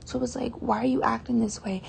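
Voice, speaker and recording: Gravelly chatty teen girl vlogger. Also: fairly high pitch, fairly even intonation, fast, darkish tone, slight background noise. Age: teens. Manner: chatty, exasperated, heavy use of "like". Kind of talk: casual storytime vlog.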